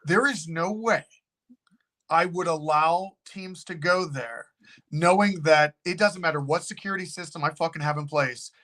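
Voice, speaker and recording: Animated, swearing man telling a story. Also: a little high, moderate pace. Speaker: haunted location owner, guest. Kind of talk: casual storytelling.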